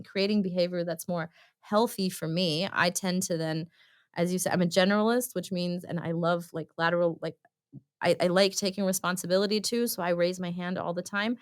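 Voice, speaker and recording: A woman talking as a guest in a podcast interview, telling personal stories in a chatty way and acting out what people said. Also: on the low side. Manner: chatty storyteller, acts out quotes. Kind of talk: conversational interview.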